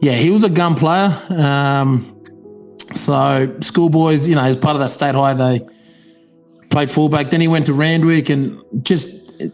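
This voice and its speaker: A man's voice: on the high side, steady tone, unhurried, faint music behind. A man with an Australian accent, a former rugby player, chatting casually and telling stories with plenty of fillers and restarts. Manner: laid-back storyteller, many fillers and restarts. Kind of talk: casual chat.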